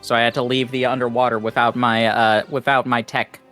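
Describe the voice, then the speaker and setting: A man chatting casually on a game stream, laid-back and quick with short agreeing replies. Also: medium pitch, flat delivery, bright, forceful tone, soft background music. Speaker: co-player on the stream. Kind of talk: casual chat while gaming.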